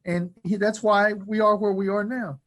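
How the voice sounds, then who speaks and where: An older man, the defendant's grandfather, speaking earnestly and calmly in court. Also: high voice, moderate pace, low-quality recording. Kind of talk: courtroom testimony.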